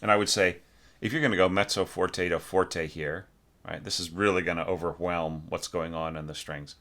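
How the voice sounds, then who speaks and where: A man teaching orchestration, giving a relaxed score critique full of fillers and self-corrections, now and then singing phrases on nonsense syllables. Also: deep voice, normal speed. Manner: relaxed, thinks aloud, sings phrases with syllables.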